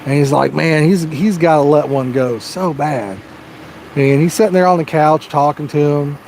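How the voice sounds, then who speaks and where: A man's voice: fairly high pitch, normal speed, a little mellow, slight background noise. Folksy man telling a joke while fishing. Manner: rambling, folksy storytelling with frequent "you know". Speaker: fishing livestream host. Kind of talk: casual live-stream chat and joke telling. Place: outdoors at a fishing spot. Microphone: personal microphone.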